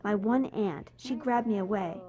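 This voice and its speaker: Female voice-over translator, first-person storyteller, animated, middle pitch. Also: measured pace, highs cut off. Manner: animated storytelling, voicing quoted people.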